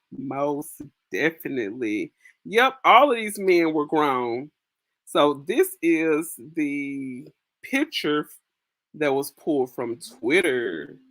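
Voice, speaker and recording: A woman's voice: low-pitched, fairly bright tone, no room sound, studio quality. A young woman hosts a casual livestream, chatting to viewers, reading their comments aloud and laughing often with slangy asides. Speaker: livestream host. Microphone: phone.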